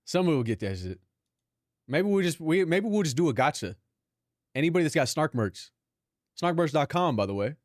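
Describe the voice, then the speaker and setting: Young filipino guy streaming from home, cussing and laughing with chat, fairly high voice, dead dry mic. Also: sing-song, brisk, pauses often, no echo. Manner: loose, profane, laughing banter with chat. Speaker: live streamer.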